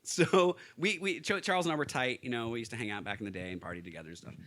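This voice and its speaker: A man's voice: medium pitch, rapid-fire, a bit bright. A man from Kentucky, a podcast guest, telling stories in a casual chat, laughing often and restarting his sentences. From Louisville, Kentucky, US.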